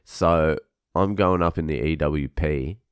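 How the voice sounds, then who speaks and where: A young man rants about a coworker in a relaxed vlog, cursing almost every line. His voice sits low and deep, with a clean, smooth tone. The sound is dry and close, with no room echo. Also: unhurried. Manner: swears constantly, ranting. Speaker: vlogger. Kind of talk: casual venting monologue.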